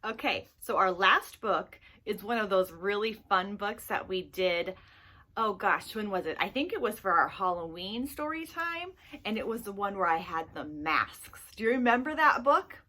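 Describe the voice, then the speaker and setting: A woman's voice: mid-range voice, animated, normal speed, sharp tone. A woman leading a children's story time at a library, reading aloud playfully and laughing often. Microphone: camera mic in a library room.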